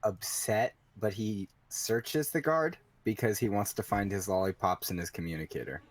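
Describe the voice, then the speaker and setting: A man playing a tabletop game, talking in a relaxed, hesitant way. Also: lowish voice, normal speed, dry recording. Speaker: player. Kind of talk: casual tabletop game play.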